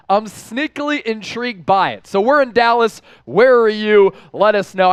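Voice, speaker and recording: A man hosts a live sports show with high, bright energy. His voice is smooth and resonant. He reads chat names and cities rapidly, with a dry, close mic sound. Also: dry recording. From from the Philadelphia area. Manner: energetic, shouts out viewers by name. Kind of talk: live-stream sports talk reading chat.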